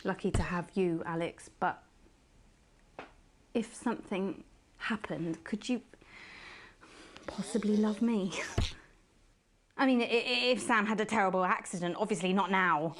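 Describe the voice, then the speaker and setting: Posh English anchor woman, acted, obsessive, breathy, mid pitch, noisy game audio. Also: a little slow, long pauses, natural voice. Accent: posh English put on. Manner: breathy confessional, trailing into hushed whispers. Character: posh obsessive female news anchor, unhinged. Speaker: news anchor. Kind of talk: video game acting.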